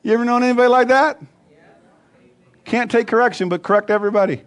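A man's voice: extremely high pitch, quick pace. A man pastor preaching a sermon, emphatic and repetitive, building rhythmic lists.

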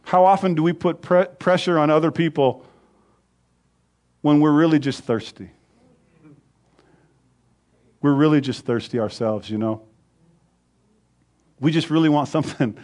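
A middle-aged male pastor preaching a sermon, rising loud on scripture and dropping low and soft. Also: normal speed, long pauses.

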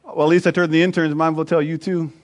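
Man, pastor, sermon, high-pitched, emphatic, rhythmic lists. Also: flat delivery, quick pace.

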